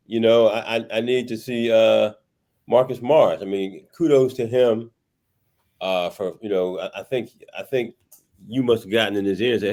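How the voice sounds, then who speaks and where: A man co-hosting a sports podcast, talking in a halting way with many restarts and fillers. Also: lowish voice, darkish tone. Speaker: podcast co-host. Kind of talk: casual sports chat.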